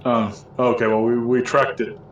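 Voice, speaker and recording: A man's voice: medium pitch, flat delivery, normal speed, recorded from a distance, muffled recording. A man in casual game-table chat keeps restarting his sentences. He sounds set back from the mic in an echoey room with faint noise. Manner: hesitant, full of restarts and fillers.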